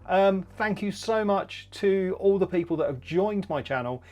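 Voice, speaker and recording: A man's voice: sits high, animated, moderate pace, a little mellow. A man hosting a casual gear review vlog who rambles along with plenty of fillers and restarts. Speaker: tech reviewer.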